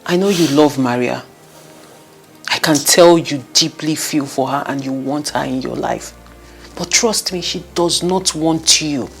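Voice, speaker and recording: A caring friend, played by a woman, speaking slowly and earnestly in a low voice. She pleads gently. Light film music sits in the background. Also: vocal fry. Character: caring young woman advising a heartbroken friend. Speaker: friend giving advice. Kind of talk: Nollywood film acting.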